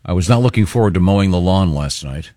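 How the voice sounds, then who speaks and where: Radio host guy reading mail, lowish voice, swings up n down, dry studio sound. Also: animated, quick pace, mellow, dry recording. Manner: easygoing, reads letters aloud. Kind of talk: casual comedy banter, reading listener mail.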